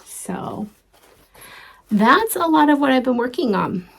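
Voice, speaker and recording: A woman's voice: high voice, sing-song, slow, gravelly, breathy edge. A middle-aged woman hosting a casual show-and-tell craft vlog, chatty and rambling, with many ums and restarts. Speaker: flosstube host.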